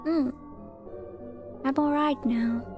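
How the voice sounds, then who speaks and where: A woman streaming live, reading a guide aloud and chatting hesitantly with many pauses and ums. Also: high-pitched, fairly even intonation, music in the background. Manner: hesitant, full of ums and restarts. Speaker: VTuber streamer.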